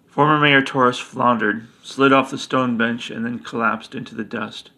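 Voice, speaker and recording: A man reading a story aloud as narrator, with a steady, earnest delivery. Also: medium pitch, moderate pace, hardly any pauses.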